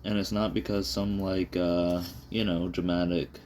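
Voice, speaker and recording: A man with a very low voice talks casually while he draws, rambling through fillers, swearing and putting himself down. He speaks into a phone propped on his desk. A faint hiss sits under the recording. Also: flat delivery, measured pace, hardly any pauses, a little mellow. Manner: self-deprecating, rambling, frequent fillers and swearing. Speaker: vlogger drawing on camera.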